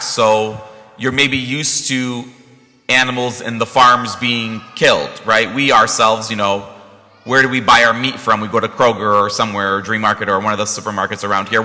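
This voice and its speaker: A man, a priest, delivers a casual, story-driven sermon in a middle pitch, often checking in with his listeners. His tone is strikingly bright and sharp. The sound carries a long reverberant church tail. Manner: conversational, storytelling with asides.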